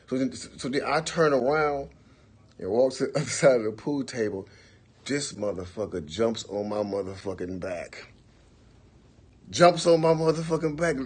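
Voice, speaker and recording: A man in his forties telling a long, profane story on a livestream, acting out the quotes in bursts of loud, animated talk. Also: medium pitch, breathy edge. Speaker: livestream host. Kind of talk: casual storytelling.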